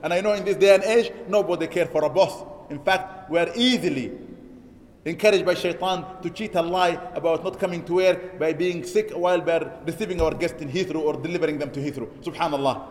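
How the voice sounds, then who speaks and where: A man with a high, quick voice delivers an Eid sermon in a large mosque hall, his words ringing with long reverb. He exhorts the congregation, repeating key lines for emphasis and rattling off Arabic verses at speed. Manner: chants Arabic scripture quotes quickly. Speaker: imam preaching.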